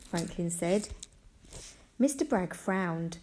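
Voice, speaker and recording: A woman reading a children's storybook aloud in an expressive, animated manner. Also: lowish voice, unhurried.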